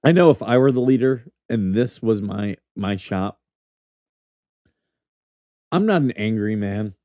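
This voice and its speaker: Mellow low-voiced man telling stories. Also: animated, a little slow, dry recording, studio quality. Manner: rambling, profane, laughs through his stories. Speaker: podcast host, former military officer. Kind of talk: casual storytelling chat.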